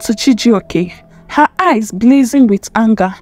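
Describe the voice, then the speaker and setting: A woman narrating a dramatic story in an expressive, emphatic way. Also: on the high side, measured pace. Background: faint music.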